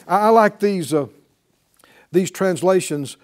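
A man's voice: sits high, moderate pace. A man preaching a sermon, calling out to his congregation for responses. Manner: animated, calls for responses from the congregation.

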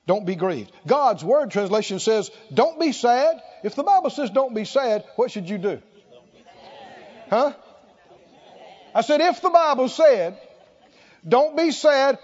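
High voiced preacher guy, slow and lively, hammering the same lines over and over, muffled old recording. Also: slightly rough. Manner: emphatic, repeats phrases, exclaims. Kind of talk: sermon.

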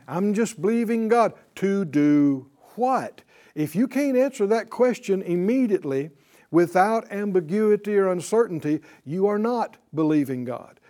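A man with a high, mellow voice teaches a Bible class at an unhurried pace. He presses his points with emphasis, circles back to repeat them, and keeps firing questions at his students.

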